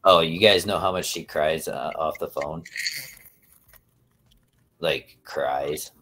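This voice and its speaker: Speaking at a moderate clip, a man hosts a laid-back stream, his low voice bright and pushed with fairly flat intonation. He wanders from topic to topic, cursing as he talks to chat, over slight background noise.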